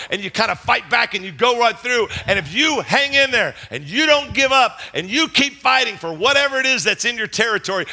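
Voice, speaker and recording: A middle-aged man preaching a sermon, telling stories animatedly and acting out scenes. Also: sits high. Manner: animated, acts out scenes and voices. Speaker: pastor. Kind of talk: sermon with storytelling.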